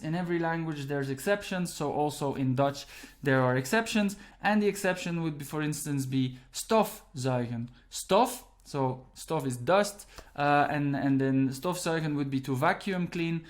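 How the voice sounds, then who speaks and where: A man's voice: a little high, moderate pace. A man teaching an online grammar lesson, explaining patiently step by step and checking in with "right?" and "okay". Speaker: Dutch language teacher.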